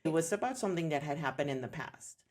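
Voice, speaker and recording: A woman's voice: low-pitched, fast talker. A woman in her thirties sharing her story in a candid interview, earnest and reflective. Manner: earnest, reflective, animated when quoting others. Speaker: podcast guest, homeschooling mom.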